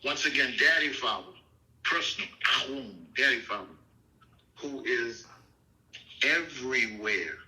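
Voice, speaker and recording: Bright-voiced emphatic male preacher. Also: medium pitch, measured pace, long pauses, low-quality recording. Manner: emphatic, repeats "okay?" and "you see?". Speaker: minister teaching scripture. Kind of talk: informal Bible teaching.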